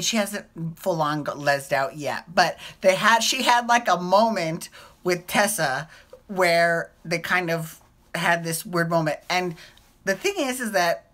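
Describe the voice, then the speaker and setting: A woman recapping soap operas in a loose, chatty vlog rant, with swearing and gushing throughout. Her voice sits fairly low but swings widely up and down. The tone is bright and sharp. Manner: animated, profane, gushing.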